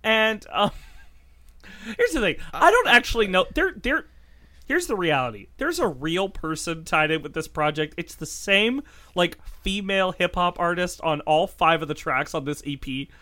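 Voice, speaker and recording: A podcast co-host with a high voice speaks at a moderate pace in a casual chat. He's an animated storyteller who laughs a lot, restarts often, and swears.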